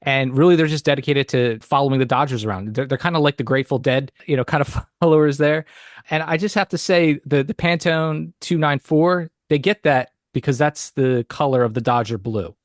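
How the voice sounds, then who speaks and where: A man's voice: mid-range voice, fairly quick, dry recording, studio quality. A man hosting a baseball podcast in casual chat, playful and mock-indignant with his co-hosts. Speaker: podcast host.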